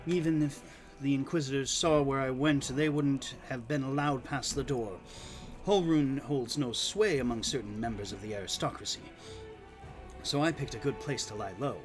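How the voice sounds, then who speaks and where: A man's voice: mid-range voice, normal speed, over music, lightly acted. A man voicing a young, earnest female traveling bard in a game playthrough, reading her lines in his own voice.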